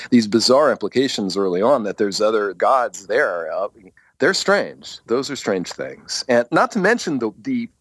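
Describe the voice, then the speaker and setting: A man being interviewed as a guest author, speaking in an animated, expressive way in a casual podcast conversation. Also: on the low side, no room sound, clean studio sound.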